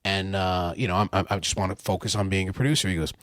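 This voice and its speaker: A man's voice: low voice, fairly even intonation, rapid-fire, few pauses, no echo, clean studio sound. A man from Canada in his forties, a guest telling stories on a casual podcast and acting out other people's lines in raised voices. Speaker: podcast guest, wrestling manager and producer. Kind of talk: casual storytelling interview.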